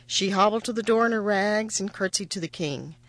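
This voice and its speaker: A woman reading a children's fairy tale aloud in an expressive, animated way. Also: medium pitch, a little fast, dry recording. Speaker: storyteller.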